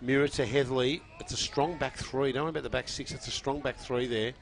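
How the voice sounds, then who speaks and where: An energetic male commentator calling football play-by-play on radio, his voice at an even middle pitch. He surges louder on big moments, with a faint hum from the ground outside behind him. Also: quick pace.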